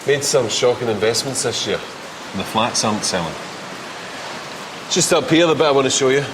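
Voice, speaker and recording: A man playing a coaxing, quietly menacing man. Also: mid-range voice, expressive, a little fast, background noise, lightly acted. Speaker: soap opera character. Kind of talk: TV drama acting.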